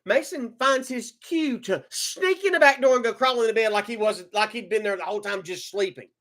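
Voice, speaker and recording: A man telling a personal story in an emotional monologue, agitated, repeating words and swinging between loud outbursts and low muttering. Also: a little fast. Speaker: vlogger telling his own story.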